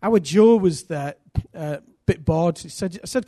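With a highish voice at a normal speed, a middle-aged Englishman preaches, weaving in stories from his own life. His delivery is energetic and self-deprecating, with sudden loud emphasis. It's a dry, studio-quality recording.

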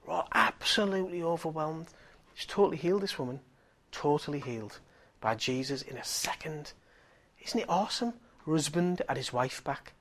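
Animated man preaching a story. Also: fairly high pitch, normal speed. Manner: animated, swings from hushed to loud exclaiming. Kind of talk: storytelling sermon.

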